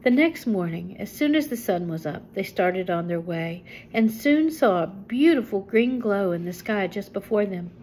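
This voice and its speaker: An older woman reading a children's book aloud to a listener, with gentle chatty asides. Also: medium pitch, expressive, normal speed, few pauses, slight background noise, rough recording. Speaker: storyteller.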